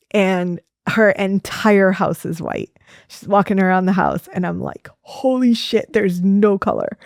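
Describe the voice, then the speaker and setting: A woman, a fertility doctor, telling stories in a casual interview, lively and laughing often, with many fillers. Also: medium pitch, vocal fry, no echo, clean studio sound. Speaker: fertility doctor as podcast guest.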